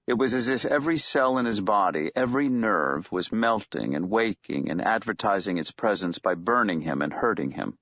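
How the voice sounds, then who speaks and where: A man reads a novel aloud in a measured, steady narration. His voice sits low, and the recording is dull and dry with a lo-fi edge. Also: no room sound. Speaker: audiobook narrator. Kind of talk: scripted narration.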